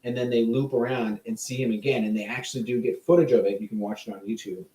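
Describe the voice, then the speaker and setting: A man's voice: mid-range voice, steady tone, quick pace, dark tone, echoey room, distant mic, low-quality recording. A man co-hosting a podcast, telling a ghost story in a rambling, jokey, casual way. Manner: rambling, jokey, laughs often. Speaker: podcast co-host.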